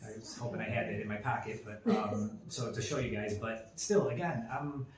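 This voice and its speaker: A man's voice: on the low side, steady tone, moderate pace, a crowd in the background. A man in his forties co-hosting a podcast, telling a story in casual chat with lots of fillers and restarts. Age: 40s. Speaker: podcast co-host. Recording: roomy echo with faint ambient noise.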